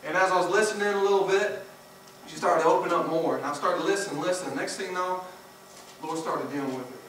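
High-voiced preacher in an echoey church. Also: male voice, fast. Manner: emphatic, swinging between loud peaks and hushed low passages. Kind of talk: sermon. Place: church sanctuary. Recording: echoey church from far off, noisy.

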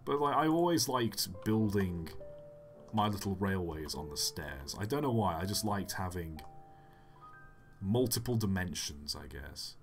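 A British streamer rambles through a game with self-mocking chat. His voice is low and lively in pitch. Faint music and keyboard clicks sit underneath. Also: measured pace. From Britain. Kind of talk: live gaming commentary.

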